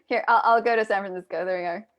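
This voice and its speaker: A woman's voice: medium pitch, steady tone, fast talker, highs cut off. A woman hosting a casual live video chat, talking straight to her viewers with lots of restarts, over a video call mic. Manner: chatty, addresses viewers directly, many restarts. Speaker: host.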